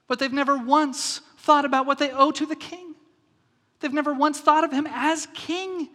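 High-voiced preacher man in a reverberant hall. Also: fairly quick. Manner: animated storytelling, shifts from soft to loud. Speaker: pastor. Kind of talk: sermon.

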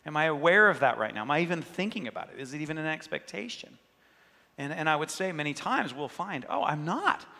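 A man's voice: on the high side, lively intonation, a little fast, creaky, pushed and bright, big-room sound. A man preaching a sermon, earnest and conversational, voicing inner thoughts and prayers as he speaks. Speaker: pastor.

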